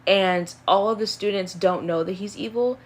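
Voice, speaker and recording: A woman's voice: mid-range voice, normal speed. A woman in her early twenties chatting casually on a live stream, rambling and easygoing, with lots of fillers as she answers questions. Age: early 20s.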